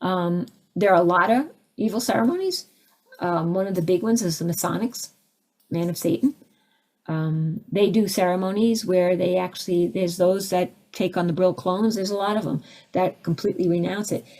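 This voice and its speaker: A woman leading a live spiritual teaching session, taking audience questions and acting out the voices of people she describes with big jumps in pitch. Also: normal speed, darkish tone. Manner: takes audience questions, conversational asides.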